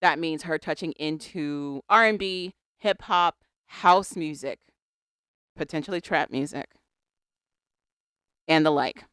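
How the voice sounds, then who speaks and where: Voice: medium pitch, slow, pauses often, fairly bright tone, clean tone, no echo. Dry-voiced podcast co-host reading aloud. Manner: chatty, reads statements aloud with wry asides. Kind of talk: casual pop-culture chat.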